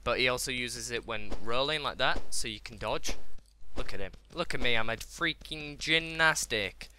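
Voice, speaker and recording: A young man giving excitable let's play commentary, exclaiming and talking to himself as he plays. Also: mid-range voice, moderate pace, smooth. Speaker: gaming video host.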